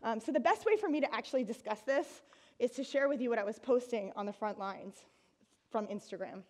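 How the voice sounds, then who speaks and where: A woman from the United States tells her story to an audience in a high, bright voice. She talks in an animated way, laughs often, and now and then breaks into excited shouts. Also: brisk. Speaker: speaker giving a talk.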